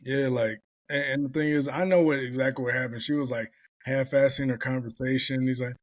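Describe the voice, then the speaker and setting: A man hosting a podcast tells stories in casual chat, blunt and profane. His voice is medium-pitched and steady, and he speaks briskly.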